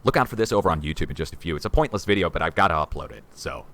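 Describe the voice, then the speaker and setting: A man in his forties hosting a rambling livestream from a room at home, excitable and conspiratorial, talking to viewers as guys. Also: low-pitched, very fast. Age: 40s. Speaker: livestream host.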